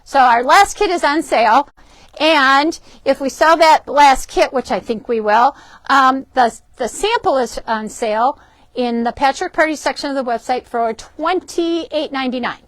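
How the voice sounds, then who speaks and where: A woman hosting a shop's live quilting show, chatty and upbeat, often pausing with ums as she shows fabrics and books. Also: high-pitched, no echo. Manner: chatty, upbeat, frequent ums and self-corrections. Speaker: shop host presenting fabrics and books. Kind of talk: casual product demo for a live stream. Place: indoors in a fabric shop.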